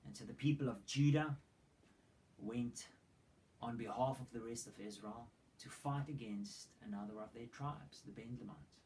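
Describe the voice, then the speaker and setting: A man's voice: medium pitch, normal speed, darkish tone, slight background noise, poor audio. A man preaching a sermon. He retells a Bible story dramatically and throws in rhetorical questions. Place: church hall.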